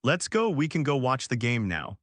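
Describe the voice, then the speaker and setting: A man's voice: medium pitch, big pitch swings, moderate pace, fairly bright tone, no room sound. A man reading the part of an easygoing young boy wizard student who is cheerful and fond of food, in a dry close recording.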